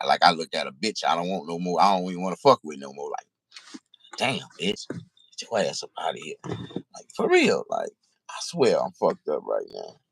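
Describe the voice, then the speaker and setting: Deep-voiced man ranting profanely. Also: vocal fry, no room sound. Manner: profane, rambling, confessional. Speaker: vlogger. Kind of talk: casual ranting monologue.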